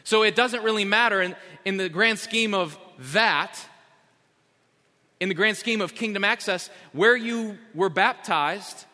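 A male pastor delivers a sermon in a high, bright voice. He is emphatic, slowing down and repeating key phrases. The sound carries a long church-hall reverb. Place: church sanctuary.

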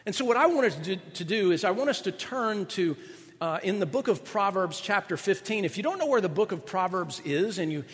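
A man preaching a sermon as a pastor, animated and joking, with quick asides to his listeners. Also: high voice, big-room sound.

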